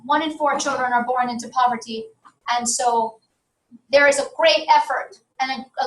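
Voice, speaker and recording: Recorded from afar in a reverberant classroom, a female university lecturer teaches with a high, somewhat bright voice. Her sentences are loose and self-correcting, punctuated by "okay?" check-ins.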